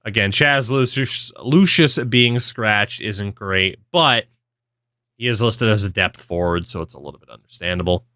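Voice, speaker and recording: A man's voice: lowish voice, normal speed, bright, forceful tone, clean tone, no room sound, studio quality. A young man giving rambling, offhand commentary on a hockey video game, swearing now and then. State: yawning, with hiccups. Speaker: gaming video creator. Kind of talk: casual commentary over gameplay.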